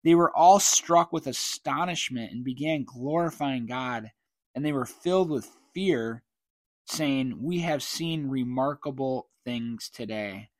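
A man teaching from the Bible, reading passages aloud and then explaining them in a relaxed, conversational way, often clearing his throat. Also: mid-range voice, slow pace, dry recording. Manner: reads scripture then comments conversationally, frequent throat clearing. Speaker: preacher.

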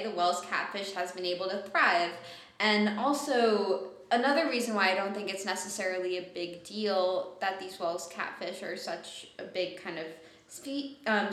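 A woman's voice: mid-range voice, fairly bright tone. A woman co-hosting a podcast, chatting casually, laughing often and retelling what happened in the episode. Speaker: podcast co-host. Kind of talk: casual chat. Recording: roomy echo.

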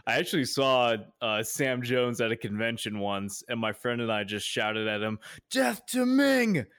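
A man's voice: on the low side, little pitch movement, normal speed, sharp tone, clean tone, no echo, studio quality. A man co-hosting a casual film podcast, offhand and laid-back. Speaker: podcast co-host.

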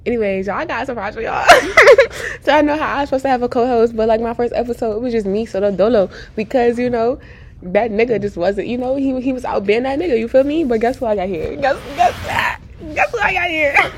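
A young woman hosting a podcast in casual chat, animated and slangy, laughing often. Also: on the high side, quick pace, a little hiss or hum. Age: young adult. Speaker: podcast host.

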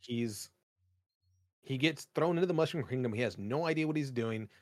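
A man's voice: mid-range voice, expressive, moderate pace, darkish tone, no room sound. Rambling young man on a podcast. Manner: rambling, many fillers, jokey. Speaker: podcast co-host. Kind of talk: casual chat.

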